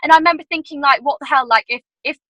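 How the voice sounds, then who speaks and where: A woman's voice: sits high, rapid-fire, sharp tone, no echo, dull audio. A young woman on a video call giving a casual training talk, chatty and full of "like"s. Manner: chatty, filler-heavy storytelling with many "like"s. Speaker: team leader giving sales training.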